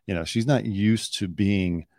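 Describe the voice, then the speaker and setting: A man's voice: on the low side, a little slow, warm tone, no room sound, clean studio sound. A man, a podcast host and former celebrity news cameraman, in casual comedic chat, joking and sarcastic as he tells stories. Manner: joking, sarcastic, storytelling with put-on quotes.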